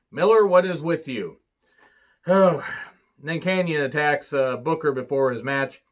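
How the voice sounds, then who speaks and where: A man's voice: fairly high pitch, normal speed. A man giving a casual, sarcastic recap of a wrestling show, swearing freely and trailing into fillers. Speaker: wrestling reviewer.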